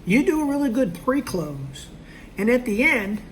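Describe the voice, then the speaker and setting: With an extremely high-pitched voice full of big pitch swings, a man teaches a sales technique at a moderate pace, acting out both sides of a sales conversation. He stays conversational, checking in with listeners through "okay?" and "all right?", and slight background noise can be heard in this instructional talk.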